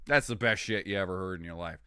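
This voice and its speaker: A young man streaming, chatting casually with viewers in a rambling, excitable way, swearing freely. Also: deep voice, quick pace, clear, resonant tone, dry recording.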